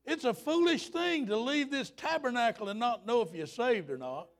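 A high-pitched man in his fifties preaches with folksy fervor. His voice swoops widely, and at its peaks he breaks into shouts. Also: lively intonation, normal speed. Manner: fervent, folksy, rising to shouts. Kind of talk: revival sermon.

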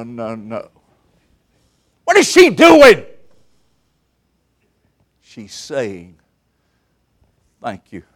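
A man preaching with a drawl, his voice sitting a little high for a man. He stretches his words out slowly and leans on each one. He lurches from loud cries to near-whispers. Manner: dramatic, swinging between loud outbursts and hushed asides. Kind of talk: revival sermon. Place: camp meeting service.

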